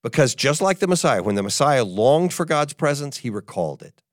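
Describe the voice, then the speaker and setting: An older man preaching a sermon, telling a personal story in an animated way and acting out what people say. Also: mid-range voice, a little fast, no echo, studio quality. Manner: animated storyteller, acts out quotes. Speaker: pastor.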